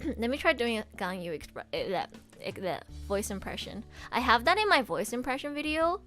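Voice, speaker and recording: A young woman streamer and voice actress chatting casually and gushing excitedly, laughing often. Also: on the high side, normal speed, faint music behind. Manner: gushing, excitable fan talk with frequent laughs.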